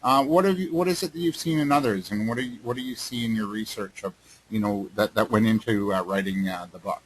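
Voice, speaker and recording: A man hosting an interview, asking long questions with many halting restarts. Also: lowish voice, a little hiss or hum, poor audio. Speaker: host. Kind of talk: casual interview talk.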